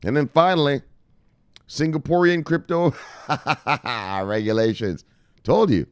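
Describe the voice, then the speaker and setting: A man hosting a crypto news show in a casual, profane, excitable live-stream style, repeating "look, look" and swearing freely. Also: a little high, takes it slowly, clear, resonant tone, no room sound, studio quality.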